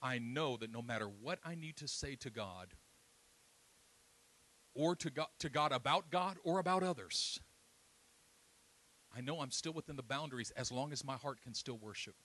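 A middle-aged man preaching a sermon, swinging between loud, soaring passages and quiet, hushed storytelling. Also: mid-range voice, expressive, normal speed, pauses often, poor audio.

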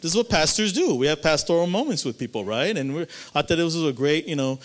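A male pastor telling a story in a sermon, animated and swinging between loud and hushed. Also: fairly high pitch, quick pace, few pauses.

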